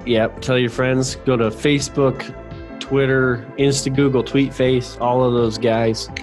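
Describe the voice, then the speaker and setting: A man's voice: medium pitch, little pitch movement, measured pace, over music. A man co-hosting a podcast in easygoing, teasing banter, recorded over a remote connection. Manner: laid-back, teasing banter. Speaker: podcast co-host. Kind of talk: casual chat. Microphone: remote call.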